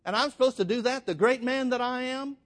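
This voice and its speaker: A man's voice: extremely high pitch, brisk, pitched above the performer's own voice. A man preaching voices a proud foreign general ranting in outrage. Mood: indignant.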